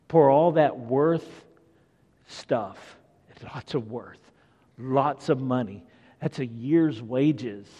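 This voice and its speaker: A man preaching a sermon, telling the story in an animated way and acting out the scenes. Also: mid-range voice, long reverb tail, lo-fi sound.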